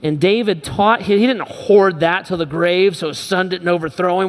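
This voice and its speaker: A man's voice: sits high, moderate pace. Emphatic male pastor in an echoey church hall. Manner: conversational, emphatic, repeats phrases. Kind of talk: sermon. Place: church auditorium.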